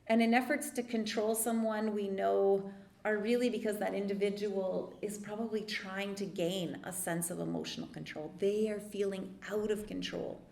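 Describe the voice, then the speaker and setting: A woman therapist giving a workshop talk, explaining calmly with lively asides. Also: medium pitch, normal speed, vocal fry, echoey room. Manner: calm explanatory teaching with lively dramatic asides. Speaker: therapist leading a church workshop.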